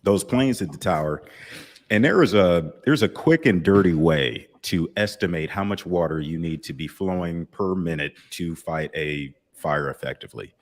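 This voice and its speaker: A man's voice: low-pitched, normal speed. A man who was once a firefighter, explaining something step by step in a casual podcast chat. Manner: explains things in plain step-by-step terms. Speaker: podcast guest, former firefighter.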